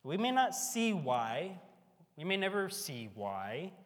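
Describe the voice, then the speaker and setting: A man's voice: sits high, big pitch swings, takes it slowly, fairly bright tone. A man preaching a sermon in a folksy, emphatic way, with a band on hand in a large hall. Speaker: pastor. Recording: echoey hall.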